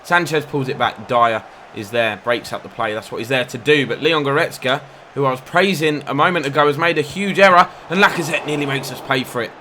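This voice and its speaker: Bright-voiced lad commentating gameplay. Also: male voice, medium pitch, fairly quick, slight background noise. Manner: excitable, bursts into loud outcries at near misses and fouls. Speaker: gaming YouTuber. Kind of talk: football video game commentary.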